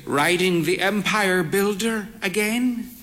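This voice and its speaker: A man's voice: high-pitched, pushed and bright, pitched above the performer's own voice, full character voice. A man doing a frail, grand old lady. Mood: theatrical. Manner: dramatic, drawn-out, grandly affected. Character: frail proud elderly woman, theatrical and sharp.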